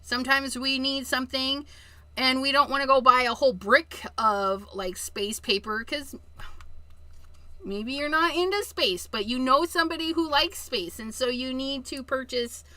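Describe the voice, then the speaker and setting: A woman's voice: high-pitched, unhurried, pushed and bright, no room sound. A woman hosting a casual live-stream card-making demo, chatting and joking with her viewers as she works. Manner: chatty, addresses viewers as "you guys", giggly asides.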